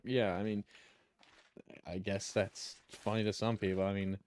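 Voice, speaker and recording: A man's voice: on the low side, fairly even intonation, normal speed, vocal fry, darkish tone, no echo. A young man streaming a game, chatting casually in a rambling, profane way while he plays. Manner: rambling, profane, chuckles while telling stories. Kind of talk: casual chat while gaming.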